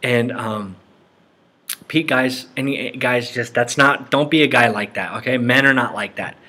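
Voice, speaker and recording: A man with a somewhat husky voice talks his way through film clips in loose Christian commentary. He rambles, repeats himself and slips into short impressions of the people he is describing. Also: mid-range voice, unhurried, sharp tone. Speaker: Christian documentary presenter.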